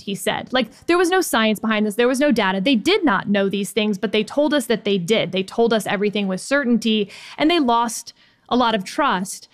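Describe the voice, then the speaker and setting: A woman in her forties from Texas, co-hosting and talking candidly in an animated conversational discussion. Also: fairly high pitch, dry recording, clean studio sound. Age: 40s. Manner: animated, candid, chatty with many fillers. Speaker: podcast co-host.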